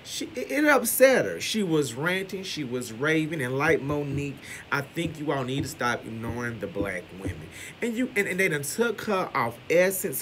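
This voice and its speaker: A man giving loud, brash gossip commentary with heavy cursing. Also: a little high, a little hiss or hum. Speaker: commentary vlogger.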